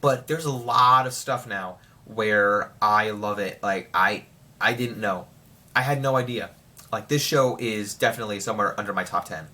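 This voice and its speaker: A young man rambling excitedly through a casual spoiler review of a TV show. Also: medium pitch, moderate pace.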